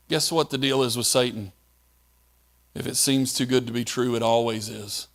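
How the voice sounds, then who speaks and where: A man's voice: mid-range voice, fairly even intonation, moderate pace, fairly bright tone. A male pastor preaching a sermon in a conversational way, asking the listeners questions.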